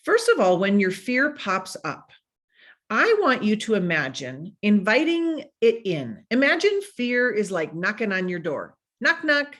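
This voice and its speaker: A woman gives a motivational talk with plenty of energy, her pitch swooping up and down in a lively way. She sits in a middle register and coaches her listeners with a bright, playful delivery. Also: unhurried. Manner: energetic and animated, playfully acting out dialogues. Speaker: motivational speaker.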